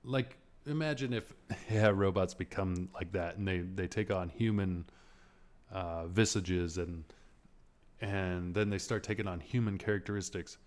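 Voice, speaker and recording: A podcast host with a very deep, low voice delivers a casual movie rant at a measured pace. He rambles, swears freely, and grows sarcastic, breaking into laughter as he vents.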